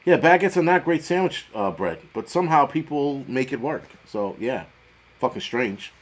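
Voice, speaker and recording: A man's voice: medium pitch, lively intonation. A middle-aged man hosting a casual livestream, chatting with viewers in a rambling, profane, joking way. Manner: profane, rambling, jokey, quick swings in loudness. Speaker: livestream host. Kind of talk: casual livestream chat reading viewer comments.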